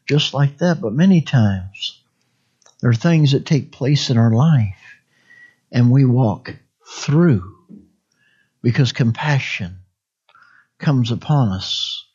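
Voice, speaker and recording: A man's voice: medium pitch, darkish tone, breathy edge, highs cut off. A man preaching a conversational sermon, rambling and folksy, often asking the congregation for an amen.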